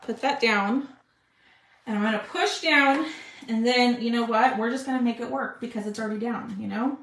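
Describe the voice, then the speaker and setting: On a live craft stream, a woman chats with viewers as she works, speaking at normal speed in a fairly bright voice on the high side. She talks to them with "y'all," and the casual demo is recorded in an echoey room.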